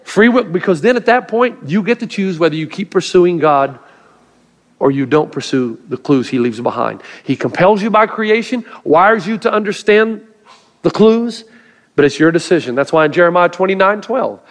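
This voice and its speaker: A man's voice: high voice, animated, moderate pace. A middle-aged male pastor preaching a sermon to a live congregation, telling stories earnestly with light humor. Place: church before a live congregation.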